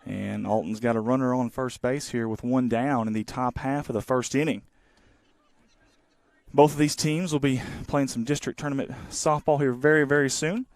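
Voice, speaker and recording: A man in his thirties giving casual, rambling live play-by-play of a softball game from the field outdoors. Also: mid-range voice, steady tone, normal speed, no echo. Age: 30s. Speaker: sports webcaster.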